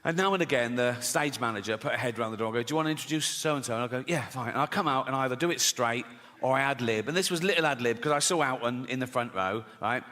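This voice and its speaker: Amid audience laughter, a middle-aged stand-up comedian runs a sweary routine, telling stories and constantly tagging lines with "right?" His medium-pitched voice is fast and sharp.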